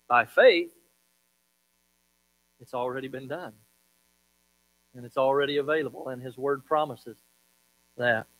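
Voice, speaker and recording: Pastor guy, slightly high voice, punches words then drops way quiet, bit of hum behind. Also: rough recording. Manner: dramatic emphasis, swinging from loud to hushed. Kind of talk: sermon.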